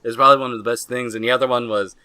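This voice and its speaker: Young dude on a podcast, bright voice, dry close mic, rambles and swears a lot. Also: male voice, medium pitch, fairly even intonation, very fast, clear, resonant tone, no room sound. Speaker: podcast co-host. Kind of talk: casual chat.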